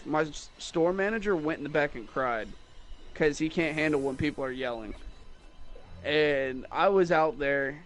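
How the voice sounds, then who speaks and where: A young man who sells guitars, rambling through a mocking, animated story about rude customers in casual chat. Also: a little high. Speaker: guitar salesman.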